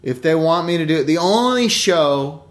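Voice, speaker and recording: A man's voice: fairly high pitch, lively intonation, normal speed. A man who works as an actor, talking bluntly in casual chat and swearing for emphasis.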